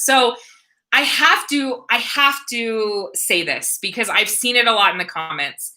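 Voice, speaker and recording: An American woman in her thirties answering viewer questions on a livestream, earnest and emotional, with many halting restarts. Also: fairly high pitch, bright, forceful tone, poor audio. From United States. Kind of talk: livestream Q&A chat.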